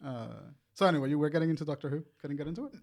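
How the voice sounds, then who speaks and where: A man with a Puerto Rican accent chats casually on a podcast with friends. His voice sits a little high for a man. He tells stories with animated energy and laughs often. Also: racing. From Puerto Rico. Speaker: podcast co-host. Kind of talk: casual chat.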